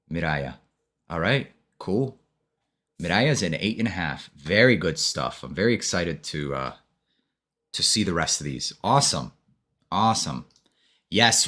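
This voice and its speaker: A man's voice: sits low, a bit bright. A man hosting a casual live-stream fragrance review, laid-back and friendly, talking to his viewers as bro and brother.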